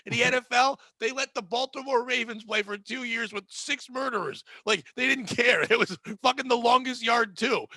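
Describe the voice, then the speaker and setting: A man hosting a casual podcast, ranting in profane, fast riffs. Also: very high-pitched, bright, forceful tone, no room sound. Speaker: podcast host.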